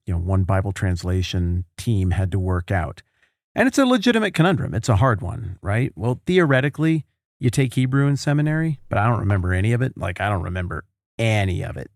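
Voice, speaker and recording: A man's voice: fairly low pitch, darkish tone, no room sound, studio quality. A man hosting a podcast in casual conversation, telling stories with animation and acting out the people he quotes. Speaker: podcast host.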